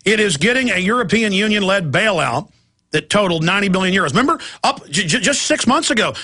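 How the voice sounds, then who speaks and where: A man's voice: high voice, big pitch swings, fast talker, bright, forceful tone, breathy edge. A middle-aged man hosting a talk radio show, delivering an impassioned, ranting monologue and mimicking opponents' voices. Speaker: radio host.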